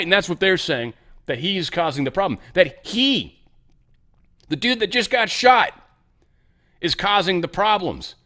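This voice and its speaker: A man's voice: high voice, pushed and bright. A male host giving sarcastic political commentary, reading headlines aloud and ranting about them.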